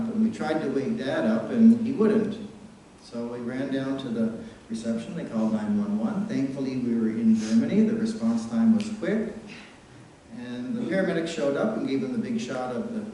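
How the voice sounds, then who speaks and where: A middle-aged man from New Brunswick, Canada, delivers a eulogy for his father and tells family stories with an easy, chuckling warmth. His voice sits at a mid pitch and rings through a large, very reverberant church. The microphone is set some distance from him, and a faint hiss runs underneath. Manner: warm anecdotal storytelling, chuckling at his own stories. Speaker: son giving a eulogy. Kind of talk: funeral eulogy.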